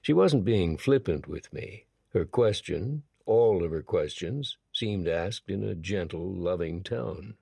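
A man's voice: deep voice, slow, vocal fry, hardly any pauses, dark tone, breathy edge, no room sound, clean studio sound. A man narrating an audiobook in the first person, with a wry, nervous storytelling manner.

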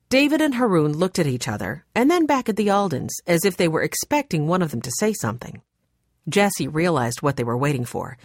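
A woman reading a children's mystery aloud as an audiobook narrator, in a calm, even storytelling manner. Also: sits low, fairly quick, dry recording, clean studio sound. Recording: background music under narration.

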